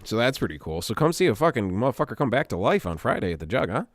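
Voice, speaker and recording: A man co-hosting a podcast in casual chat, telling stories in an animated, profane way. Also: mid-range voice, fast talker, no room sound, studio quality. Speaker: podcast co-host.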